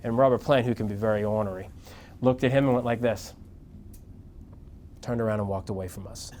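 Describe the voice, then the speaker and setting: A middle-aged man, a news anchor, telling career stories to an audience in a casual, animated way and acting out the voices he quotes. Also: lowish voice, brisk, a little hiss or hum. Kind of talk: casual storytelling talk to an audience.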